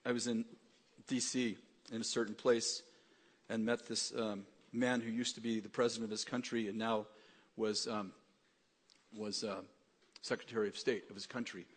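A man preaching a sermon, telling jokey stories that build to excited rising questions. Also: on the low side, moderate pace, long pauses, breathy edge, long reverb tail. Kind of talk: sermon with storytelling.

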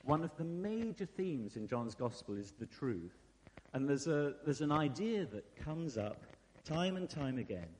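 A man preaching a sermon in a relaxed, conversational way, with fillers and asides to the congregation. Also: medium pitch, a little hiss or hum. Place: church hall. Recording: long hall reverb.

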